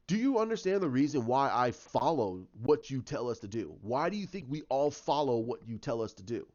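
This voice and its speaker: A man voicing an earnest male superhero, speaking slowly and deliberately. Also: mid-range voice, sing-song, a little mellow, close to an everyday voice. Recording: dull lo-fi sound.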